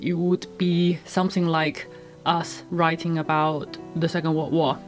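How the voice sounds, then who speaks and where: A woman with a somewhat low voice explains a classic novel at an easy pace. She talks it through thoughtfully and stops now and then to qualify her views. The tone is relaxed and explanatory. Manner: thoughtful, explanatory, with careful disclaimers. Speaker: book reviewer. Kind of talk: casual book discussion.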